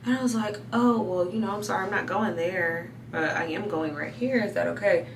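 A woman vlogging at home at night, telling a story to the camera in an animated way and laughing between lines. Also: mid-range voice, brisk, vocal fry, far from the mic, noisy background. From Atlanta, USA. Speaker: lifestyle vlogger. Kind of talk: casual story time to camera. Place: home room at night, getting ready for bed. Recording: echoey room, voice a bit off-mic.

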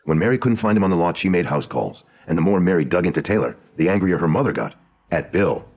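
A man voicing a sharp, sardonic woman screenwriter of the 1920s in a true crime audio drama, with a dry, knowing manner. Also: low voice, expressive, fast. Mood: confiding.

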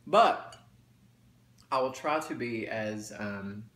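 A man's voice: lowish voice, expressive, slow pace, fairly bright tone. A man chatting casually to viewers while eating, folksy and talkative. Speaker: mukbang vlogger. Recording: roomy echo, faint background noise.

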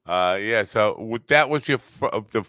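Deep-voiced man hosting an interview. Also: expressive, pushed and bright, no echo, studio quality. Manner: hesitant questions, quick encouraging replies. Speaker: podcast host. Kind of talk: casual interview.

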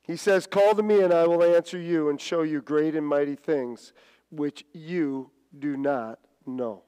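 Man, middle-aged, preacher, sermon, stammering restarts, slightly high voice, long church reverb. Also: a little slow, dark tone, clear, resonant tone. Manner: storytelling with many restarts and stammers, dramatic swings of pitch. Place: church sanctuary.

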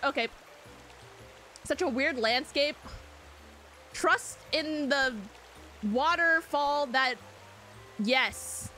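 A woman's voice: high-pitched, extremely slow, long pauses, sharp tone, faint music behind. A young woman streaming a game, reacting jumpily, swearing, shrieking and reading chat aloud. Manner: jumpy, swears a lot, frequent shrieks.

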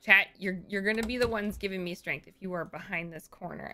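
Bright-voiced panicky woman streamer. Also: medium pitch, a little fast, hardly any pauses, a little hiss or hum. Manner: panicky, swearing, repeats phrases, drops to whispers. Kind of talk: live horror game commentary.

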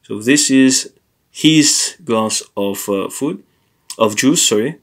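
A man teaching a language lesson, explaining grammar in a hesitant way with many pauses, fillers and self-corrections. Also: mid-range voice.

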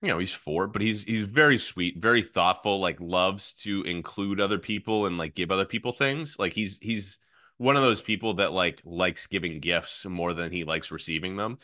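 A man in his thirties, a podcast guest and fitness coach, telling animated stories with lots of fillers and quick swings between excitement and hushed asides. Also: deep voice, no echo, clean studio sound. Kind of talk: casual podcast chat.

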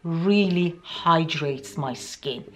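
A woman's voice: low voice, fairly bright tone. A woman with an accent, chatting unhurriedly through a beauty product review with plenty of ums. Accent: non-native English accent. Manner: chatty and deliberate, many ums. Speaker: beauty vlogger.

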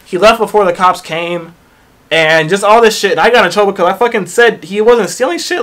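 A young man recounts a retail job story in a loose, profane rant. His voice sits high for a man, and he keeps slipping into quiet, low mutters for his side comments. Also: brisk. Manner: profane, animated, drops to low mutters for asides. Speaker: vlogger telling a work story.

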